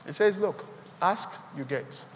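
A man with a Nigerian accent preaching a sermon as pastor, swinging from quiet asides to loud, rising exclamations. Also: high-pitched, animated, a little slow, in a large hall, a little hiss or hum. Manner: preaching with sudden loud rises and quiet drops.

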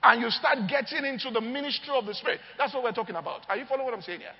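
A man's voice: very high voice, lively intonation, very fast. A man preaching a sermon, telling stories with energy and often asking the crowd if they follow him. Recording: long hall reverb, dull lo-fi sound.

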